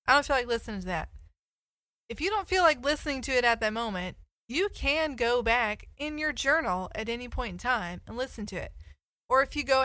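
A woman's voice: fairly high pitch, expressive, a little fast, sharp tone, no room sound. A woman co-hosting a podcast in a casual chat, explaining ideas at length. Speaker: podcast co-host.

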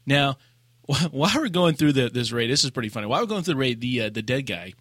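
A man co-hosting a casual gaming podcast, telling a raid story with lively acted-out quotes and laughter. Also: mid-range voice, fast, no echo, studio quality. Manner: animated storyteller, acts out quotes. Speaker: podcast co-host.

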